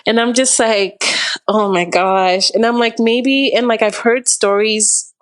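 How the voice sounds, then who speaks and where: Speaking at a measured pace, a young Canadian woman on a podcast has a slightly high voice and fairly even intonation. She spins out a long, rambling, casual tale, leaning heavily on "like" and dramatizing what people said.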